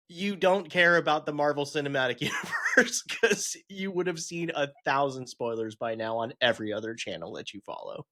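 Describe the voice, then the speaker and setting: A man's voice: a little high, animated, normal speed, pushed and bright. A man co-hosting a podcast, chatting casually, laughing often and swearing freely. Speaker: podcast co-host.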